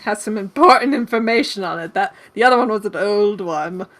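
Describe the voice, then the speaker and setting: A woman's voice: mid-range voice, fairly quick, a bit bright, close to an everyday voice. A woman putting on an old grandmother voice that calls people darling. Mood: doting.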